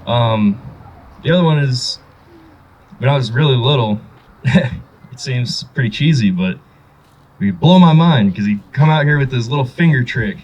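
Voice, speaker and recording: A man's voice: on the high side, expressive, normal speed, long pauses, darkish tone, slight background noise, rough recording. A young man giving a eulogy for his grandfather, telling stories and acting out the quotes with rising energy. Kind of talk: memorial speech, personal stories.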